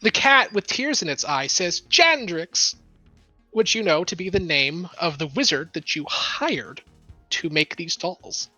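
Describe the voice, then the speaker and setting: Woman running a tabletop game; bright, lively voice, giggly narrator, close and dry sound. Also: fairly low pitch, a little slow, no echo, faint music behind. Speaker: game master.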